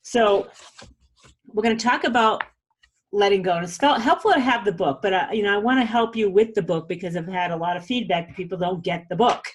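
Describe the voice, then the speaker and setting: A woman's voice: mid-range voice, brisk, a little hiss or hum. A middle-aged woman hosting a podcast, talking through a self-help method in a chatty, earnest way and checking in with "okay?". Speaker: podcast host. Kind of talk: casual self-help monologue.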